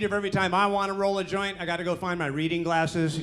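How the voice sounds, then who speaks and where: A man's voice: sits high, monotone, fast, heavy background noise. A man in his sixties doing a stand-up comedy set in a club, delivering punchy jokes with lots of "you know" tags. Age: 60s.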